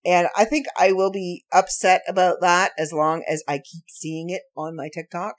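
A woman hosting her own podcast from home late at night, ranting in a sarcastic way with slow, drawn-out emphasis. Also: on the low side, fairly even intonation. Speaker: podcast host. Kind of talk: ranty solo podcast monologue.

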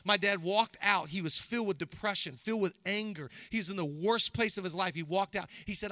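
A man in his thirties preaching a sermon as pastor, moving from casual storytelling to loud, emphatic preaching. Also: high-pitched, fairly quick, few pauses, dry recording. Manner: conversational then building to loud emphatic preaching.

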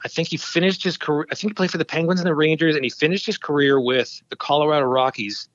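A man's voice: a little high, fast talker, no room sound, dull audio. A man in his fifties, a podcast host, telling stories in casual chat and acting out quotes. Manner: storytelling, animated quoting.

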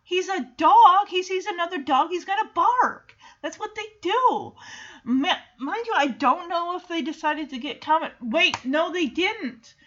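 A woman hosting a show, chatting through a sitcom episode in an animated, sarcastic way. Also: very high voice, a little slow, lo-fi sound. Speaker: recap podcast host. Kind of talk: casual episode recap commentary.

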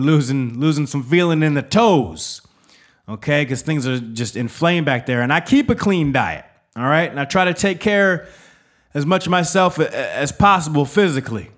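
A man's voice: fairly high pitch, expressive, moderate pace, fairly bright tone. Man telling a rambling, profane story. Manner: profane, rambling, with frequent restarts; conversational, checks in with "all right?". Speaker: podcast host, military veteran. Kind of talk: casual storytelling monologue.

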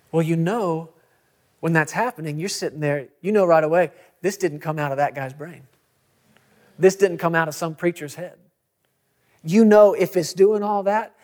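A middle-aged pastor preaches in a notably high voice. He is emphatic, repeating key words and adding quick asides to the congregation. He speaks as he builds his message. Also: darkish tone. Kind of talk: sermon.

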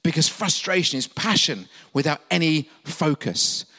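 English guy preaching, high bright voice, lots of questions, echoing church hall. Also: lively intonation, measured pace, husky. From England. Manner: preaching with rhetorical questions and acted-out quotes. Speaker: pastor. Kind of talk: sermon.

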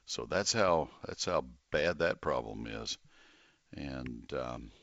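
An older man hosting a call-in garden radio show, chatty and folksy with lively exclamations. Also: very deep voice, slow pace, gravelly, no room sound, lo-fi sound. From Texas.

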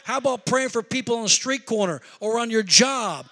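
Man, pastor, middle-aged, high voice, bright tone, sermon, storytelling into fervent preaching. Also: expressive, normal speed.

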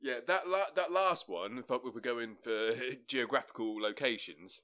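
Male co-host, bright voice, loose sweary banter. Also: medium pitch, unhurried. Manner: rambling, sweary, restarts sentences. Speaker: podcast co-host. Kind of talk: casual chat.

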